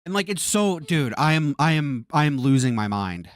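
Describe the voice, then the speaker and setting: Man, live-stream reaction talk, lively swinging pitch, exasperated, swears a lot, dry close sound. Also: normal speed, dry recording.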